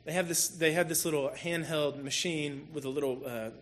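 A man telling a personal story in a sermon, animated and self-deprecating as he talks to the congregation. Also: fairly high pitch, normal speed. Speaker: church speaker.

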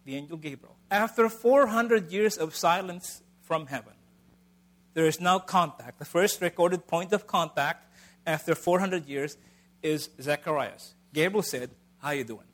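A middle-aged man delivers a sermon in a relaxed, conversational manner. His voice sits a little high for a man. He pushes key phrases out loudly, then drops to soft, near-hushed asides. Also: a little slow. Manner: conversational, swings between loud emphasis and soft asides. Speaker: preacher.

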